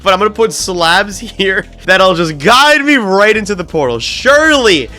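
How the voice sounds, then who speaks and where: A young man giving excitable, chatty gameplay commentary as a gaming video creator, with quick exclamations and self-deprecating jokes. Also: high voice. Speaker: gaming YouTuber.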